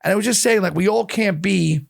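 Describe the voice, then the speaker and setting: A middle-aged man telling animated stories in an interview, profane and repeating words when he gets going. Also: high voice, brisk, vocal fry. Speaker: chef and guest. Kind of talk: storytelling interview chat.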